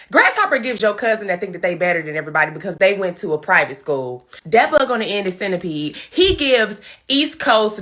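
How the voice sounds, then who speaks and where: A woman's voice: medium pitch, pushed and bright. A woman giving a profane, sassy comedic recap of a movie in slang-heavy storytelling. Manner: uses Black American slang.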